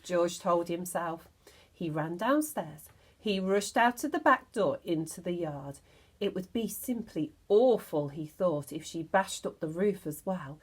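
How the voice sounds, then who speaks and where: Woman teacher, children's story read-aloud, slow, animated, expressive. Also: lowish voice, breathy edge. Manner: expressive, slow, lively narration.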